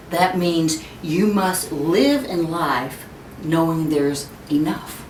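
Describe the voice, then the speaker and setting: A woman in her fifties giving a webinar talk, telling stories in an animated way and acting out the voices she quotes. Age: 50s. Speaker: speaker on child discipline. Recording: echoey room, distant mic, faint rumble.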